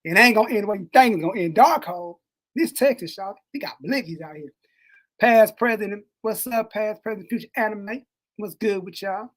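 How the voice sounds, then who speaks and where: A man co-hosting a podcast in casual chat, animated and slangy, swinging between loud and soft. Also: high voice, normal speed. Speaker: podcast co-host. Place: Texas.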